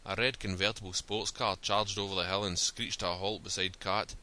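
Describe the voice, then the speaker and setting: Low-voiced man reading a story. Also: steady tone, a little fast, pushed and bright. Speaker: narrator.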